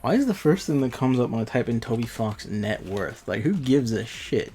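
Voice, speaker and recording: A man's voice: mid-range voice, lively intonation, normal speed, mellow. A man chatting offhand and swearing while streaming a mobile game. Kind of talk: casual gaming stream chat.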